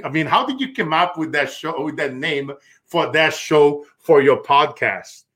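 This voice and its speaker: A man's voice: a little high, animated, measured pace, a bit bright. Emphatic man hosting an interview. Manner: emphatic and preachy, repeats phrases. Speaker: interview host. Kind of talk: interview talk, promotional.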